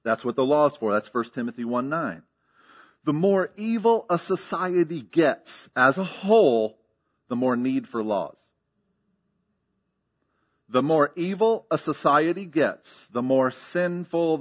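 A man preaching a sermon as pastor, teaching emphatically with rhetorical questions and frequent checks of "okay?". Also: mid-range voice.

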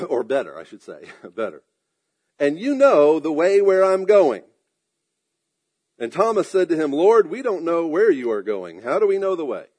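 A man with a slightly raised pitch preaches a sermon. He stretches out his emphatic lines, then drops into soft, quick asides. Now and then he clears his throat. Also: sing-song. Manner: preaching with emphatic drawn-out phrases and sudden asides. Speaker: pastor.

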